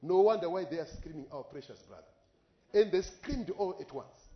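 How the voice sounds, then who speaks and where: Impassioned preacher, echoey lo-fi recording. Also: male voice, high-pitched, animated, normal speed. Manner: impassioned storytelling, voice rising in exclamations. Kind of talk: sermon with live interpretation.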